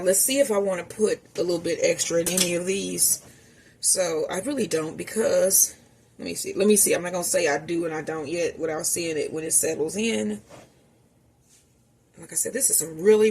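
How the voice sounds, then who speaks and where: A woman's voice: lowish voice, creaky, darkish tone, slight background noise. A woman chatting casually to her viewers while she cooks in her home kitchen, calling them y'all. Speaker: home cooking vlogger. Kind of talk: casual cooking vlog narration.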